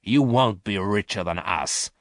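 A man's voice: fairly low pitch, animated, a little slow, no echo, clean studio sound. A man voicing a ruthless male space thief who leads his crew, speaking harshly and commandingly in a storybook reading. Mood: threatening.

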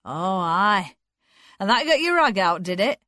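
A woman reading a slow, stubborn young farming man who talks in a broad rural dialect. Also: mid-range voice, sing-song, sharp tone, dry recording, clean studio sound. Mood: teasing.

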